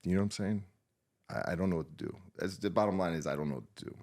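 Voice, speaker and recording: Shaken and subdued, this man, a war veteran guesting on a podcast, tells an emotional story about a painful memory. His voice is extremely deep and gravelly, a touch mellow, and he halts, restarts sentences, leans on "you know," and curses frequently.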